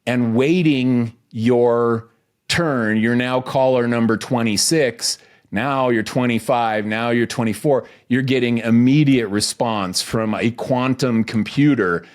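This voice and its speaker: A man co-hosting a podcast, talking casually and energetically in quick bursts with restarts. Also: medium pitch. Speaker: podcast co-host.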